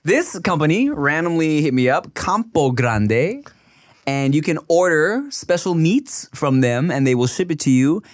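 A man's voice: a little high, very animated, measured pace, no room sound, studio quality. A man hosting a podcast in casual, jokey chat full of slang. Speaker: podcast host.

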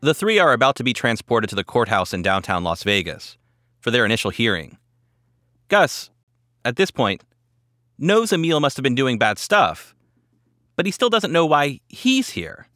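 Bright-voiced male documentary narrator. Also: medium pitch, sing-song, moderate pace, long pauses, dry recording, studio quality. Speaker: podcast host. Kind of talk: scripted narration.

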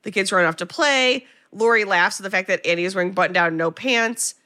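A woman hosting a podcast, casually retelling a film scene by scene with animated delivery and some swearing. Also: medium pitch, a little fast, clear, resonant tone. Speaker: podcast host recapping a film. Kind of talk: casual chat.

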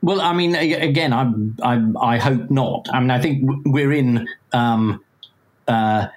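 A man's voice: medium pitch, unhurried. A man, a guest on a podcast, speaking in casual interview chat, hesitant with many ums and dry wry asides. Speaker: podcast guest, magazine editor.

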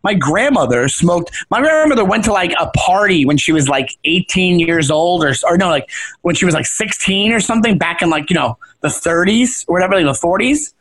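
A man with a fairly high voice, chatting loosely on a podcast. He talks in rambling bursts, cuts himself off and restarts his sentences, and laughs often along the way. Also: animated, brisk, fairly bright tone, low-quality recording. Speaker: podcast co-host. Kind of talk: casual chat.

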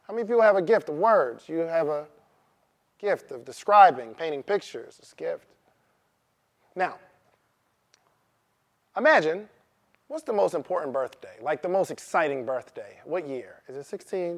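Slightly high and a little mellow, this man's voice delivers a motivational talk to an audience gathered in a room. He poses questions to them and drives his main points home through repetition.

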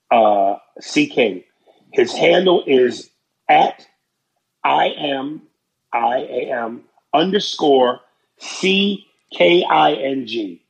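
A man's voice: medium pitch, gravelly, poor audio. A man hosting a casual podcast, ranting brashly and profanely about sports and comedy. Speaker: podcast host.

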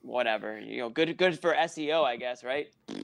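A man's voice: mid-range voice, a little fast, gravelly. A man co-hosting a sports podcast in casual chat, joking around and laughing often. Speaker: podcast co-host.

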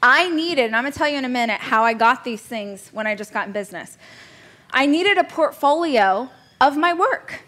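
A woman's voice: high-pitched, expressive, moderate pace, bright, forceful tone. A woman in her thirties teaching a business coaching class in a chatty, joking way, laughing at herself now and then. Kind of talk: casual coaching class talk.

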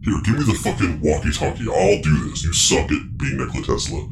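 A man riffing crude comedy bits as a podcast co-host, deadpan and profane. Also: extremely low pitch, brisk, few pauses. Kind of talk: comedic improv banter. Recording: noisy background.

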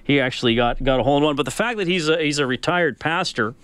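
A man's voice: on the high side, quick pace, a bit bright, smooth, dry recording. A man hosting a sports radio show, talking casually and telling stories with plenty of fillers. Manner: casual, storytelling, many fillers.

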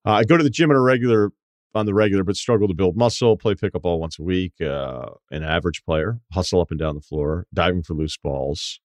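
A man's voice: low voice, brisk, a little mellow, no room sound. A man hosting a casual podcast, reading a listener email aloud and riffing on it with wry, profane asides. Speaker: podcast host.

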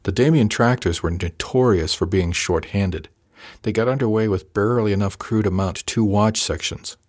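A man reading a science fiction audiobook in first person, with an even, steady storytelling delivery. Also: lowish voice, moderate pace. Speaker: audiobook podcast narrator.

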